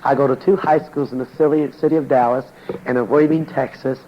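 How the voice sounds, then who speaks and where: A man's voice: medium pitch, fairly even intonation, fairly quick. A man preaching his testimony to a congregation, telling it in a folksy, plain-spoken way with slang. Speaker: evangelist preacher. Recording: dull lo-fi recording with faint background noise.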